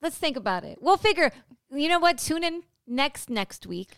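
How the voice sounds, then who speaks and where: A woman's voice: high voice, very animated, normal speed, fairly bright tone, no room sound, studio quality. A woman co-hosting a podcast in casual chat, chatty and laughing along with her partner. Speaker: podcast co-host.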